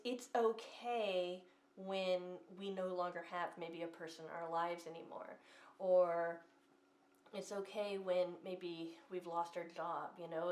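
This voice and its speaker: A woman in her thirties giving a casual tarot reading, gentle and reassuring, rambling with many ums and restarts. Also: on the low side. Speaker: tarot reader. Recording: roomy echo.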